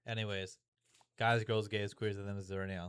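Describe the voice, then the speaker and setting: A man's voice: fairly low pitch, little pitch movement, brisk, a bit bright, clean tone, no room sound, clean studio sound. A young man vlogging in a frank, rambling way, swearing often and restarting his sentences as he talks things through. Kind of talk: confessional vlog.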